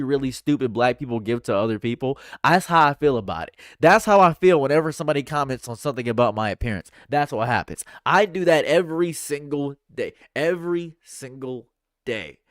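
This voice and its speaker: This is livestream commentary from a man at home whose voice sits on the high side. Into his USB condenser microphone he delivers a sarcastic, repetitive rant, captured dry and studio-clean.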